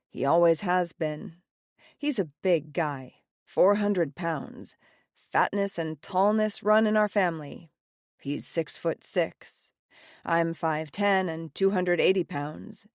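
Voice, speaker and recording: Lower-voiced woman narrating an audiobook. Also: no room sound, studio quality. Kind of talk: first-person scripted narration. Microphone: close studio mic, dry.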